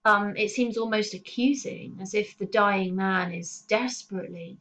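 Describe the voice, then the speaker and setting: A woman's voice: medium pitch, fairly bright tone, poor audio. Woman teacher explaining poetry. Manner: measured, explanatory, stresses key terms. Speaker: English literature teacher. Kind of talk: recorded lesson.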